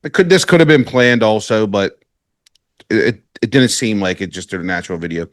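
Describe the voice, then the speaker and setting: A man's voice: fairly low pitch, expressive, brisk, no room sound, studio quality. A man hosting a podcast in casual chat, rambling and laid-back, full of filler words. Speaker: podcast host.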